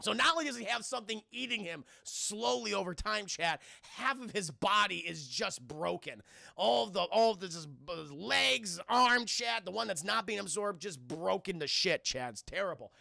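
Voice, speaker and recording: A man recapping a film scene by scene for his stream chat, profane and animated, jumping into quick character voices. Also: high voice, creaky, no echo, clean studio sound. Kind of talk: casual spoiler recap.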